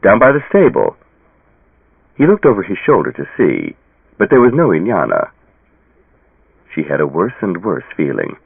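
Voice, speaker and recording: A man narrating an audiobook with a dramatic, expressive reading. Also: sits low, normal speed, vocal fry, pauses often, breathy edge, no echo. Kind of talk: scripted narration. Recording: tinny phone-like audio.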